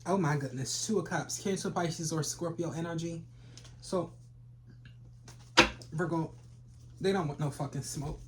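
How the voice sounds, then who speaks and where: A tarot reader from Philadelphia does a casual reading for viewers, talking over audible background noise and clicks. Her mid-pitched, darkish voice moves at a measured pace with frequent pauses. She's brash and profane, trash-talking viewers directly and bursting into sudden laughs.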